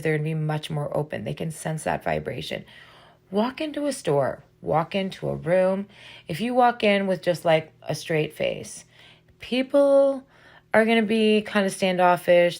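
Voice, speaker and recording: A middle-aged woman hosting a podcast, giving an earnest motivational talk and checking in with her listeners with a frequent "right?". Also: sits low. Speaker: podcast host. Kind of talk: motivational monologue.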